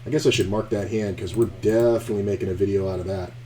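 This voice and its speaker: Mellow-voiced man swearing through a stream. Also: lowish voice, quick pace, slight background noise. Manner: profane, animated storyteller, trash-talking at the screen. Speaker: poker streamer. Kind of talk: casual live-stream commentary and storytelling.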